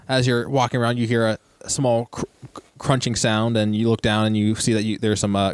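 A man narrating as game master of a tabletop game, talking haltingly with many pauses and restarts. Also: mid-range voice, no echo.

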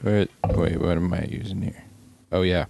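A man playing a tabletop game, making wry, deadpan quips. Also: low-pitched, normal speed, vocal fry, no echo. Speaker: player. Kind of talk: casual tabletop game chat.

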